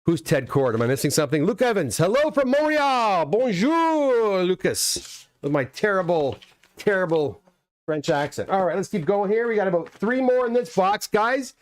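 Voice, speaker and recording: A man's voice: sits high, lively intonation, brisk. Chatty man hosting a live unboxing. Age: middle-aged. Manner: rambling, chatty, reads chat comments aloud. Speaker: livestream host unboxing graded comics. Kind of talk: casual live-stream chat.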